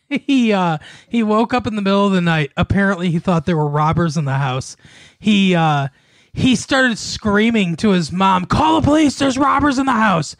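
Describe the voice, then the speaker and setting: A man's voice: sits high, no room sound, studio quality. A man co-hosting a podcast, telling stories in casual chat, laughing often and using many fillers. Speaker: podcast co-host.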